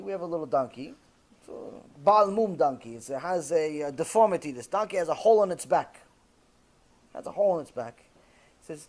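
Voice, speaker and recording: A rabbi lecturing with a high-pitched voice. He tells his story in an animated, lively way and acts out each exchange of dialogue. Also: fairly quick.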